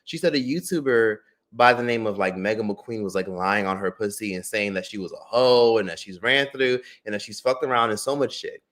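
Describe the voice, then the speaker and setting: A man on a livestream telling a long personal story in a casual, animated way. He swears often and fills his talk with "like". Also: fairly low pitch, brisk. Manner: animated, profane storytelling with many "like" fillers. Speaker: streamer and drama commentator.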